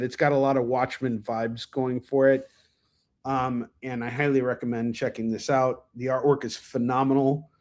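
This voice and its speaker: A man hosting a casual livestream, reviewing comics in a rambling, enthusiastic way, full of fillers and restarts, with a cough now and then. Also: medium pitch. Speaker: comic book reviewer, stream host.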